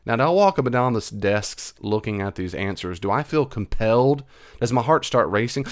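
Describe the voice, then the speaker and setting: A man's voice: medium pitch, animated, moderate pace. A middle-aged man with a Southern US accent, a Christian counselor giving casual, reassuring advice in reply to an email. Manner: reassuring, encouraging, conversational with repeats.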